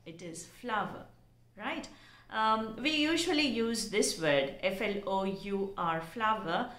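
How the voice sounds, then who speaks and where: Slow, careful teacher woman. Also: medium pitch, lively intonation, fairly bright tone. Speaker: English pronunciation teacher. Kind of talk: spelling out and explaining words. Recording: echoey room.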